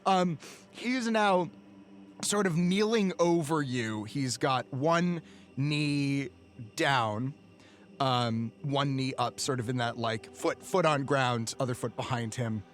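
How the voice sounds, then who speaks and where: A man's voice: medium pitch, slow pace. A man narrating a tabletop role-playing game as game master, in an amused manner.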